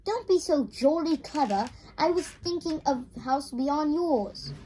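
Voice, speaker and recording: A woman voicing a curious, adventurous young English boy in a put-on British accent, reading aloud from a storybook with halting repeats. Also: high voice, lively intonation, dark tone, slight background noise, voice pushed up. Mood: teasing.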